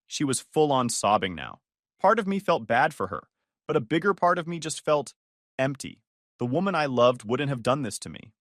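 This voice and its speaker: A man narrates a dramatic first-person story in a measured, firm manner. His mid-pitched voice moves a lot in pitch, and it is recorded close and dry with no room sound. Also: very animated, a bit bright, no room sound.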